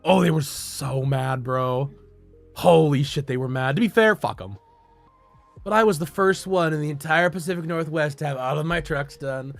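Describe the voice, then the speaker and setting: A young male streamer rambles through a story from an old job, swearing freely and breaking into laughter between restarts. His voice sits a little high for a man. The close mic sounds dry, with faint music playing underneath. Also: moderate pace, creaky, no room sound. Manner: rambling, profane, laughs often, many restarts.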